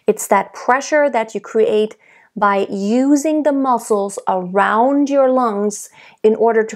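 A young adult woman giving a singing lesson, explaining technique calmly and demonstrating by singing. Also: on the high side. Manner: calm, explanatory teacher who demonstrates by singing. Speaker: vocal coach.

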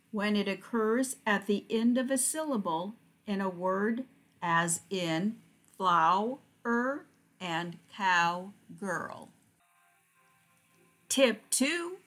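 A woman narrating a phonics lesson for teachers, speaking slowly and carefully as she walks through each word. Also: medium pitch, sharp tone. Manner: slow, careful, deliberate word-by-word delivery.

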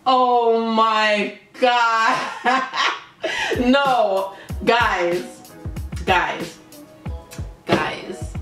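A woman hosting a casual reaction video, excitable and quick to laugh, often trailing off mid-sentence. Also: a little high. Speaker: YouTube reaction host. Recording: echoey room with faint music.

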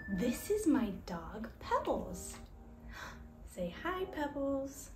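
A woman's voice: sits high, very animated, slow. A woman teaching babies and toddlers, talking in a sing-song voice full of exaggerated gasps. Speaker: children's language teacher. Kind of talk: baby-directed teaching, bilingual. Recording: roomy echo with faint music.

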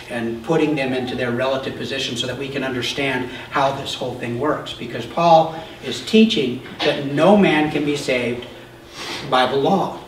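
A male pastor preaching a sermon, explaining scripture in a conversational way with frequent "okay?" checks and occasional shouted emphasis. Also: mid-range voice, slight background noise. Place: church sanctuary. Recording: roomy, distant church recording.

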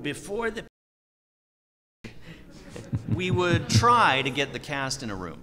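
A middle-aged man, a voice actor answering questions on a convention panel, self-deprecating and quick to laugh. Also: mid-range voice, wildly swooping pitch, sharp tone, slight background noise. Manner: self-deprecating, laughs often, acts out quoted remarks. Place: large convention hall. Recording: echoey hall.

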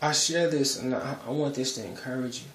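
A man's voice: medium pitch, a little fast, fairly bright tone, echoey room, a little hiss or hum. A man giving a casual religious testimony on his vlog, talking in a rambling, conversational way with many fillers. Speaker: video creator sharing a spiritual testimony.

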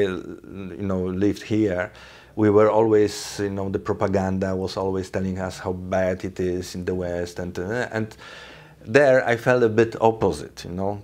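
A middle-aged man with a Polish accent speaks in a fairly low voice. He reminisces about his path in ballet at an easy pace, stopping for fillers as he gathers his thoughts. His English comes from a speaker whose first language is Polish. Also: darkish tone. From Poland. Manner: anecdotal, thinking aloud, with frequent fillers. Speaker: ballet artistic director. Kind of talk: reflective career interview.

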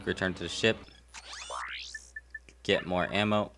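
A man's voice: low voice, fairly even intonation, a little slow, crowd noise. A man playing a video game and commenting on it in a playful, joking way, sick and coughing now and then. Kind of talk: let's play commentary.

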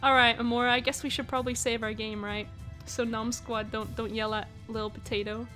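A young woman streaming a game live, giggling often and squealing with excitement while she chats. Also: on the high side, brisk. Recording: faint music behind. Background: faint music.

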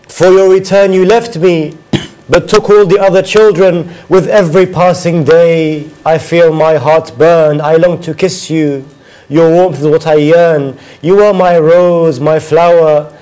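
A man with a fairly high voice recites a sorrowful elegy in a slow, mournful cadence, circling back again and again to its refrains. His delivery swells and sinks as the grief of the verses builds. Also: a little mellow, low-quality recording.

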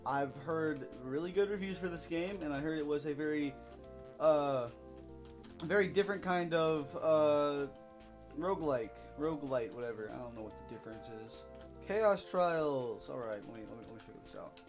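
A young man narrating his gameplay in a fairly high voice, excitable and loud, whooping at every hit. Faint music plays behind him. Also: normal speed. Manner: excitable, shouting and whooping while playing. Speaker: gaming YouTuber. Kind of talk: let's play commentary.

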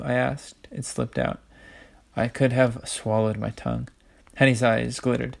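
A man reading a children's novel aloud in a plain, unhurried narrating voice. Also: mid-range voice, flat delivery, gravelly. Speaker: audiobook reader.

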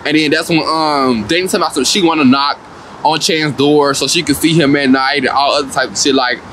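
Sassy guy going off about a reality show, high bright voice, cussing a lot and cracking up. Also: brisk, slight background noise. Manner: animated, profane and sassy, laughing often. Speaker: vlogger. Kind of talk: comedic reality TV recap.

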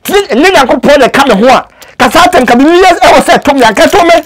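Extremely high in pitch, fast and expressive, the voice belongs to a Ghanaian actor whose first language is Twi. He alternates languages in an earnest, imploring way during a casual interview.

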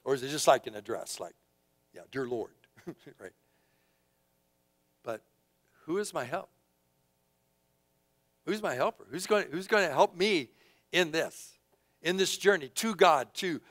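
A man preaching a sermon as pastor, impassioned and conversational, swinging between loud outbursts and hushed asides. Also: on the high side, lively intonation, a little slow, long pauses, no room sound. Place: church sanctuary.

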